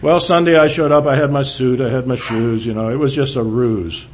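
An older man telling a personal testimony to a church, halting, with frequent restarts, often dropping low and quiet. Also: fairly even intonation. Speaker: speaker giving testimony.

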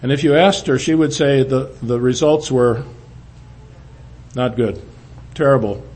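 An older man telling a personal testimony to a church, halting, with frequent restarts, often dropping low and quiet. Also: husky. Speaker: speaker giving testimony.

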